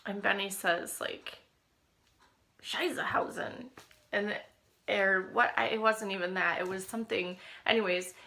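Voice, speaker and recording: A woman's voice: medium pitch, flat delivery, moderate pace, gravelly, bright, forceful tone. A woman speaking in a personal video diary about caring for her husband, emotional and often dropping to a whisper.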